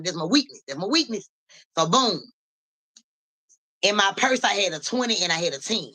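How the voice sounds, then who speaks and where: A woman telling stories in a casual live stream, animated and profane. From Memphis area, USA. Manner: animated, profane, keeps saying "so boom".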